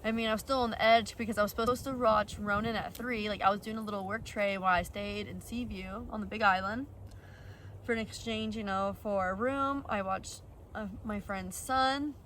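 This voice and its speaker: A woman's voice: mid-range voice, fairly even intonation, moderate pace, fairly bright tone, far from the mic, a little hiss or hum, low-quality recording. A young woman vlogger telling a personal story in a rambling, blunt way, full of fillers and the odd swear. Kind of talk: casual storytelling.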